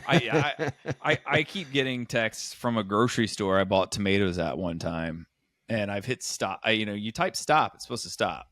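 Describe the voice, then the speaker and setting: A man's voice: lowish voice, moderate pace, fairly bright tone, no echo, studio quality. A man co-hosting a comedy podcast in casual chat, teasing his co-host with jokey asides and frequent laughs.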